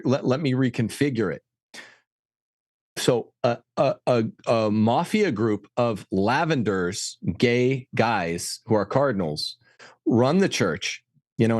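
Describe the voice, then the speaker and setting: A man with a fairly low voice makes his case with rapid, emphatic insistence. The sound is dry and close, with no room around him. It has the feel of an opinionated podcast guest. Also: a little mellow, no room sound. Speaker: guest commentator on church affairs. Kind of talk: fast opinionated podcast talk.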